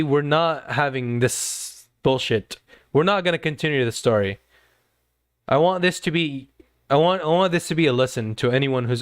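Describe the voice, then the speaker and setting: A man's voice: a little high, normal speed, smooth, no echo, clean studio sound. A man streaming live, talking to his chat in an earnest, lecturing way and often repeating himself. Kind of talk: casual livestream talk to chat.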